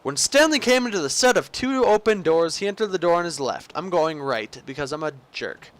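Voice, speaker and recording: A man's voice: fairly high pitch, expressive, a little fast, a bit bright. A young man playing a game and reading its narration aloud himself, goofy and rambling, with slips and restarts. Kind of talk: let's play commentary, reading the game's narration aloud.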